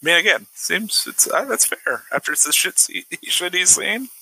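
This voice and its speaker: A man's voice: sits high, animated, normal speed, gravelly, bright, forceful tone, slightly rough, dry recording, rough recording. A man around forty co-hosting a podcast, giving hesitant, wry opinions on a film. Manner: hesitant, many restarts, wry. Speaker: podcast co-host. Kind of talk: casual film discussion.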